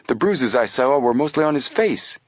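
A man's voice: medium pitch, expressive, normal speed, no room sound, pitched above the performer's own voice, lightly acted. A man voicing an earnest, level-headed teenage boy detective in an audiobook. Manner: earnest, reasoning.

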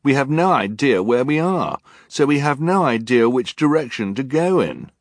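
A man's voice: mid-range voice, very animated, normal speed, a little mellow, no echo, studio quality, voice pushed up. A male audiobook narrator voicing a studious young boy who argues earnestly. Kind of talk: audiobook character voice.

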